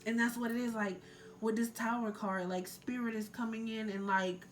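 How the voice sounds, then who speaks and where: A woman's voice: fairly high pitch, fairly even intonation, moderate pace, slight background noise. Woman giving a rambling tarot reading. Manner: loose and filler-heavy, many likes and ums; earnest, urging the listener to let go. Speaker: tarot reader. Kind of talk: casual spiritual tarot reading.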